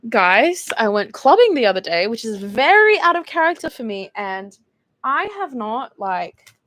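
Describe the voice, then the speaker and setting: A woman's voice: on the high side, big pitch swings, a little slow, a bit bright. A young Australian woman in her early twenties, chatting casually and giggling as she reads viewer texts on a stream. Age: 20s. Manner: chatty and giggly, lots of fillers. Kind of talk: casual chat.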